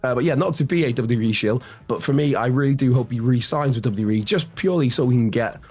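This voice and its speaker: A man hosts wrestling news with a slightly raspy voice. He talks casually, with plenty of ums and restarts, at a middling pitch. Faint music plays underneath. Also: fast, a little mellow. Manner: chatty, many fillers and restarts.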